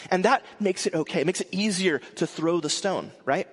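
A man gives a sermon in a loose, conversational way. He often restarts his sentences and fills pauses. His voice sits a bit high and carries a long echo, as if he is recorded in a large church hall. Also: breathy edge. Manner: conversational with frequent restarts and fillers. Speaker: pastor.

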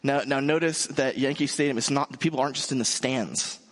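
A man preaching a sermon in a relaxed, conversational way, joking with his congregation. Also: mid-range voice, brisk, in a large hall. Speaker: pastor.

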